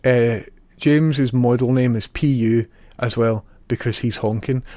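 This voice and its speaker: A young man with a Scottish accent talks loosely to his stream, teasing viewers, laughing a lot and wandering off into asides. His voice sits at an ordinary middle pitch, and the recording is close and dry with no room sound. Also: measured pace, a little mellow, no room sound. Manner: joking banter, frequent laughter, rambling asides. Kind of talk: casual live-stream chat.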